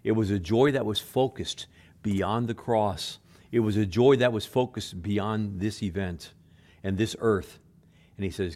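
Man preaching with rising and falling emphasis. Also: unhurried. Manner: shifts between loud emphasis and quiet low asides, with repeated words; acts out quoted speech in a soft low voice. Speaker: pastor. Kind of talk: sermon.

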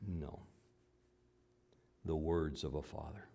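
A man, a father, preaching a sermon. He swings between loud, emphatic lines and quiet, low asides. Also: little pitch movement, slow, gravelly. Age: adult father. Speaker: pastor.

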